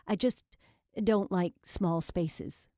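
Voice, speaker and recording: A woman's voice: lowish voice, takes it slowly, warm tone, no echo, clean studio sound. Woman voicing a shaken, timid young woman. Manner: quivering, hesitant.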